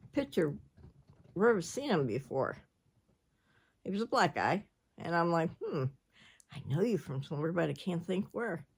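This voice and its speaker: Rambling chatty older woman. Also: low-pitched. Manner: rambling, chatty, jumps between subjects. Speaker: vlogger. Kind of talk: casual chat.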